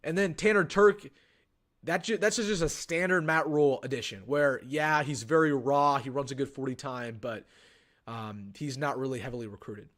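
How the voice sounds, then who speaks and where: A man's voice: mid-range voice, normal speed, a bit bright. A young man hosting a casual sports live stream, thinking aloud with frequent restarts and ums. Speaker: sports livestream host.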